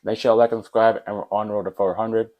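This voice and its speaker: A young man, rambling and animated as he tells a casual storytime about school. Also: lowish voice, fast talker, poor audio. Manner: animated, rambling, with fillers like whatever and blah blah. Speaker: vlogger.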